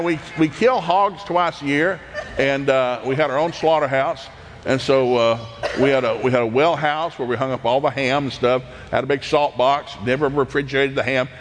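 A man's voice: mid-range voice, long reverb tail, a little hiss or hum. Man telling folksy farm stories. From East Tennessee, USA. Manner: animated, laughs often, acts out voices. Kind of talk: folksy anecdotal storytelling.

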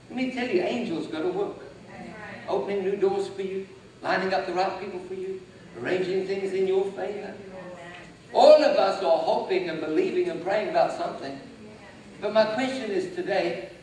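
High-voiced preacher in an echoey hall. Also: male voice. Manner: emphatic, rising to loud declarations. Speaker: pastor. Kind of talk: sermon. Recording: echoey hall, mic at a distance. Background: congregation responding.

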